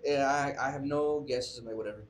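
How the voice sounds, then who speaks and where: A man's voice: mid-range voice, a little fast. A young man, a musician guest telling a story in a casual interview, rambling with lots of fillers and swearing. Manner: rambling, profane, filler-heavy.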